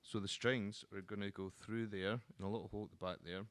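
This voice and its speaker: A man with a lowish, smooth, clear voice walks through the parts of a guitar in a relaxed teaching manner. He talks loosely, pausing on ums and restarting phrases. The sound is close and dry, with no room around it. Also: no echo. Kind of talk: casual instructional explanation.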